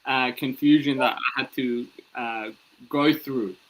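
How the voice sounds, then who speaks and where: A man in his thirties tells stories from his life in a relaxed interview, slipping into quick impressions of other people as he goes. His voice is bright and forceful, with a middle pitch. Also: low-quality recording. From Ethiopian, born in Sudan, raised in Australia. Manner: animated, acts out voices in his anecdotes. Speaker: comedian guest. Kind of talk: casual storytelling interview.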